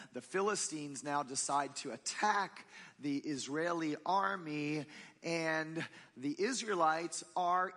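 A man preaching a sermon in a church, telling a story in a lively, conversational and humorous way. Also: a little high, long reverb tail. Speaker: pastor.

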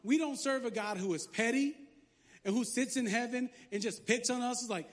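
A man pastor preaching a lively sermon, joking and sarcastic between scripture readings. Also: very high-pitched, normal speed.

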